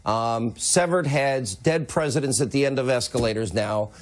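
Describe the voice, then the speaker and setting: A man hosting a TV news interview, giving brisk and combative commentary. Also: mid-range voice. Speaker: TV news host.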